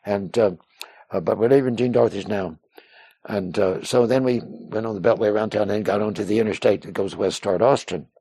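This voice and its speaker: A man with a mellow, warm voice tells a personal story in an interview, circling back with restarts and "uh"s. He slips into the voices of other people as he quotes them. The sound is close and dry, with no room around it. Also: on the low side, fairly even intonation, fairly quick, slightly rough, dry recording. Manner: rambling, with frequent restarts and "uh" fillers. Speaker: interview guest.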